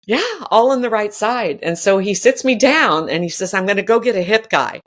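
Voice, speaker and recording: A woman's voice: mid-range voice, moderate pace. A woman in her sixties tells a personal story as a podcast guest. Her voice rises and falls widely, and she often laughs and acts out the lines of the people in the story. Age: 60s. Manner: animated, laughing often, acting out quoted dialogue. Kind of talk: storytelling in casual conversation.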